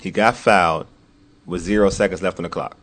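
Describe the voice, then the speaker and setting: A man hosting a casual sports talk show, animated, repeating himself and dropping into low muttered asides. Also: brisk.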